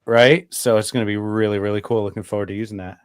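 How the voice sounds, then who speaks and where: A man chatting casually on a live stream as a guest, relaxed and joking, showing his craft work. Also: lowish voice, fast, clean tone, no room sound, studio quality. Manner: relaxed, joking, laughs often.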